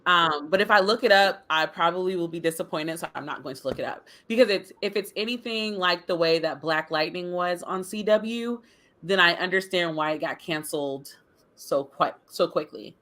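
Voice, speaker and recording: Bright, forceful woman co-host, expressive casual talk. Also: moderate pace. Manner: expressive, rises in pitch when exasperated. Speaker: podcast co-host. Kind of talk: casual book club discussion.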